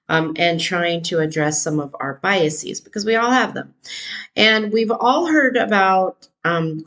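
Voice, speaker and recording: A teacher from California hosts a solo podcast, talking casually and thinking aloud with frequent ums and rhetorical questions. Her voice is fairly low and a bit bright, and the audio quality is poor.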